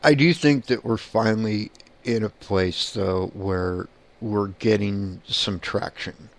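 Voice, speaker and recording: A man's voice: on the low side, steady tone, slow, creaky. A man who is a paranormal investigator, talking bluntly in a casual monologue and swearing casually.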